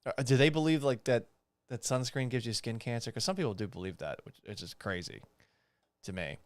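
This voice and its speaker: A man's voice: animated, brisk, dry recording, studio quality. A young man hosting a podcast, reading items aloud and mocking them in a sarcastic, profane, incredulous way. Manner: profane, jumps up in pitch when exasperated. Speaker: podcast host. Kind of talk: casual commentary.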